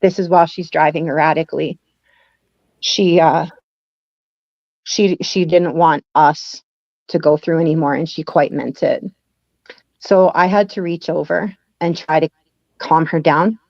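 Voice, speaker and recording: A woman, a guest in an interview, tells a personal story and acts out the lines of the people in it, laughing at times. Her voice is low-pitched and slightly mellow, with no room sound, and the recording is dry with dull lo-fi quality.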